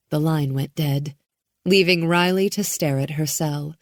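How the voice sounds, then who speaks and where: A woman narrates an audiobook thriller in a calm, measured way. Her voice sits a little low and she takes her time. The recording is dry and close. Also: no echo. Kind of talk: scripted narration.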